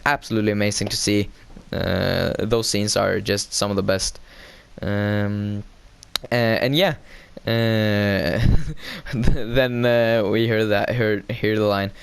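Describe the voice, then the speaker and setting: A man's voice: fairly low pitch, takes it slowly, creaky, smooth. Hesitant man recapping an episode. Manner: hesitant, heavy fillers and self-corrections; excitable, laughs while retelling scenes.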